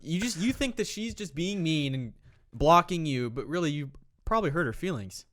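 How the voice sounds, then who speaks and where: A young man co-hosting a podcast in casual chat, teasing his friend with deadpan jokes and frequent laughs. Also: fairly high pitch, normal speed. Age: young adult. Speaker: podcast co-host.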